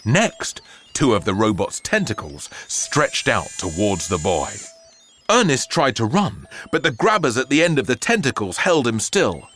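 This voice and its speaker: A man's voice: mid-range voice, big pitch swings, unhurried, fairly bright tone, soft background music. A man reading a children's story aloud, doing voices for the characters. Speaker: narrator.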